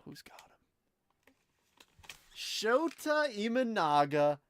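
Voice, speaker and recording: A young adult man hosting a live card break, giving chatty, excitable commentary and talking to viewers by name. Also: mid-range voice.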